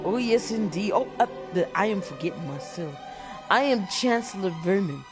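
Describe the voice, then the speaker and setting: A woman's voice: mid-range voice, lively intonation, normal speed, lightly acted. A woman voicing a fawning, flirtatious male royal chancellor from a video game, drawing out her words over game music.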